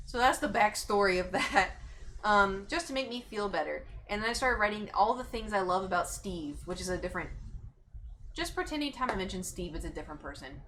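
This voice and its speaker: Animated young woman telling a story. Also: medium pitch, brisk, a little hiss or hum. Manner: animated, acts out quoted voices. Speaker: streamer. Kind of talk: casual storytelling. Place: her stream room.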